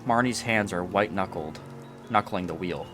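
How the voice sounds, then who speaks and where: A man reading a horror story in a steady, measured first-person telling. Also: low-pitched, music in the background. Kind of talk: scripted horror narration.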